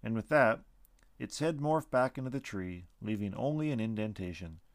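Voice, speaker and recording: A man narrating a storybook in an expressive, animated reading. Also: fairly low pitch, moderate pace, no echo, clean studio sound.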